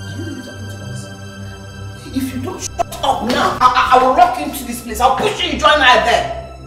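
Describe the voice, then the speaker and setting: A woman's voice: high voice, lively intonation, brisk. A harsh scheming mother. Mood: scolding. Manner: scolding, sharp. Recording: echoey, distant film audio with music.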